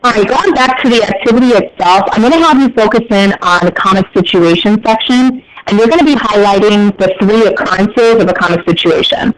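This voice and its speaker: Chatty American male teacher, high voice. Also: a little fast, hardly any pauses, low-quality recording. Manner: chatty, joking asides to students. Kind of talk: classroom lecture.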